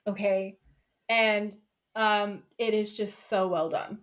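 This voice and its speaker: A woman's voice: mid-range voice, slow. Woman co-host recapping, swearing freely. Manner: animated, profane storytelling. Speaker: podcast co-host. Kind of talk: casual episode recap.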